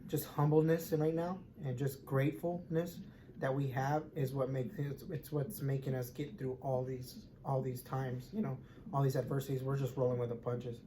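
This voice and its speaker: An earnest young man chats from a hospital room, stumbling over and repeating his words as he goes. His voice sits at an ordinary middle pitch, with clear noise in the room around him. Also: level tone, normal speed. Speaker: expectant father vlogger. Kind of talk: casual heartfelt chat.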